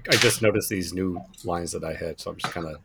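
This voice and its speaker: Man, gravelly voice, halting speech, faint music behind. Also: sits low. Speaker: cast member at a read-through. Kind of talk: casual chat.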